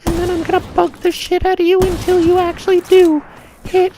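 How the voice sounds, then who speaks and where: A man imitating a shrill, whiny boy gamer who taunts in a screeching, squeaky voice. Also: monotone, a little fast, mellow, slight background noise. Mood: taunting.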